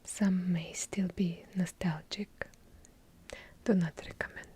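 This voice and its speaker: A woman's voice: lowish voice, steady tone, slow pace, warm tone, slight background noise. A woman with a heavy Russian accent whispering ASMR trigger words, drawing out each repeated word and slipping in wry asides. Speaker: ASMR creator. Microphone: handheld field recorder.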